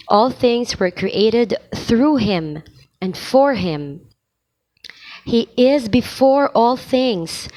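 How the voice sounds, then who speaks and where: A woman reading church readings aloud slowly and deliberately, pausing between phrases to practise for lectors. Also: medium pitch, poor audio. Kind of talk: slow liturgical reading practice.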